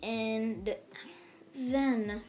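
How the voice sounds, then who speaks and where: A woman's voice: fairly high pitch, extremely slow, darkish tone, soft background music. A woman casually retelling a fan story, rambling along with lots of fillers and restarts.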